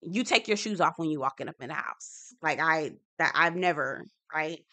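Woman, slangy and opinionated, bright tone, lowish pitch, casual TV recap. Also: expressive, moderate pace. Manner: chatty and opinionated, slangy, acts out quotes. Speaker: TV recap host. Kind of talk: casual reality-TV recap commentary.

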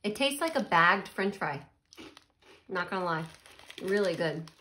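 A woman's voice: lowish voice, lively intonation, unhurried, long pauses, sharp tone. A woman chatting casually while tasting snacks, murmuring and laughing as she eats. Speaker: snack reviewer.

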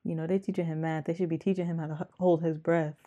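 A young woman hosting a movie reaction, talking quietly and close to a whisper with wry quips. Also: deep voice, little pitch movement, fast. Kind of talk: hushed movie reaction chat.

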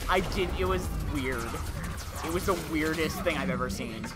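A man's voice: fairly high pitch, moderate pace, loud music behind the voice. A man casually chatting while playing a video game, telling stories in a rambling way with lots of fillers. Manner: rambling storyteller, many fillers and restarts. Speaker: gameplay commentator. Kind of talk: casual chat over gameplay.

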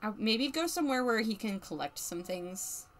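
A woman's voice: fairly high pitch, expressive, moderate pace. A woman streamer giving chatty, casual commentary as she plays a life-simulation game, narrating what the characters feel and laughing often.

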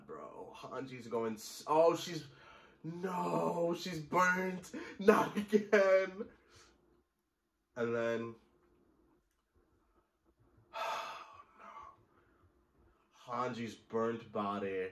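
In an echoey room, a man with a mid-range, slightly bright voice reacts to a manga chapter in casual commentary. He's animated but extremely slow with long pauses, exclaiming, swearing, and calling the listener bro.

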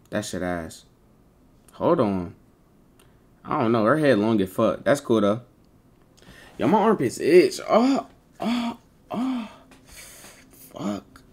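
Male streamer, casual live chat, heavy slang and cursing, middle-pitched voice. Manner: slangy, swearing, rambling talk to chat. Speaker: livestreamer.

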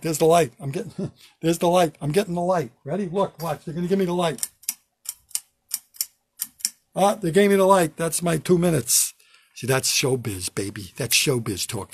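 An older man doing a wry, self-deprecating stand-up routine from his home basement, with sudden loud bursts when he acts out a bit. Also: mid-range voice, breathy edge, no echo. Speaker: stand-up comedian.

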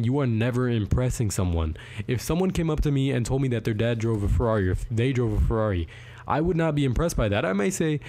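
Teen guy ranting casually to camera, mellow dark voice, blunt and repetitive. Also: medium pitch. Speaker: YouTube vlogger.

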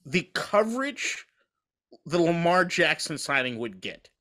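A man's voice: a little high, a little slow. A man co-hosting a casual sports podcast, swearing freely and laughing as he riffs. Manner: profane, animated, laughs often. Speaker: podcast co-host.

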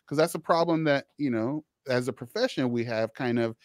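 A man's voice: medium pitch, brisk, no echo, studio quality. A man hosting a social work podcast, talking conversationally and easily with his guest. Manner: conversational, many restarts and you-knows. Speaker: podcast host, social worker. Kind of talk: casual interview chat.

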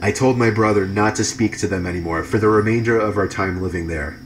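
A man reading true horror stories aloud in an even, measured narration. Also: on the low side, a little hiss or hum. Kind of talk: scripted narration.

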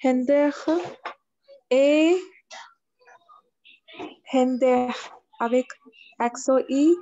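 A woman's voice: high-pitched, steady tone, drawn-out words, dark tone. A woman practicing French verbs in a lesson, hesitant and searching for words. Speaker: French student. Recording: dull lo-fi sound.

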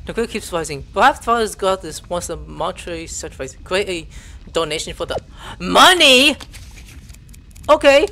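A young man playing a video game, reading its text aloud and reacting with excited outbursts. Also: high voice, normal speed, gravelly. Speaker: gameplay streamer. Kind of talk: casual game commentary.

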